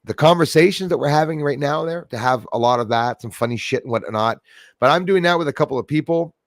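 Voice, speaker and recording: A man's voice: on the high side, quick pace, no echo, clean studio sound. A man hosting a casual livestream chat, rambling and emotional, swearing freely. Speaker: host.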